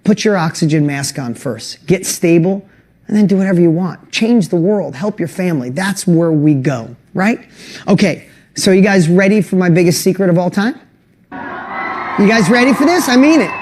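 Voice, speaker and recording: A middle-aged man hosting an online course webinar, talking earnestly and emotionally and getting louder on rallying lists. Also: high-pitched, lively intonation, moderate pace. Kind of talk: motivational webinar talk.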